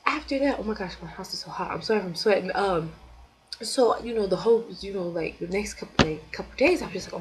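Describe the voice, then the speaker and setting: A woman in her twenties at home, telling a story to camera in a chatty, excitable way full of "like" and "you know". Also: mid-range voice, a little fast, low-quality recording. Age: 20s. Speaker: vlogger.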